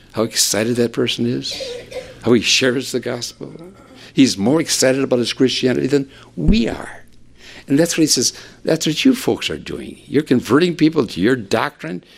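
A man preaching a sermon with animated delivery, climbing in pitch for emphasis and dropping to a hush, often repeating words as he restarts. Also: gravelly.

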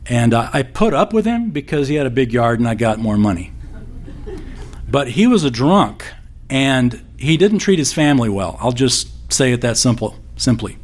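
A man's voice: mid-range voice, big pitch swings, normal speed. A man preaching a sermon as pastor, conversational and folksy, slipping in corny jokes.

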